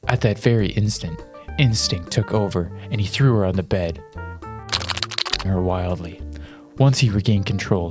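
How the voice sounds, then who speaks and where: A man reading fanfiction aloud in a dramatic style, breaking off for amused, flustered asides. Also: lowish voice. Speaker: reader.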